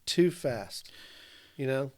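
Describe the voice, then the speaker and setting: A man's voice: mid-range voice, lively intonation, slow. A man in a casual podcast discussion, talking at length with long examples, frequent "you know"s and casual swearing. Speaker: podcast co-host.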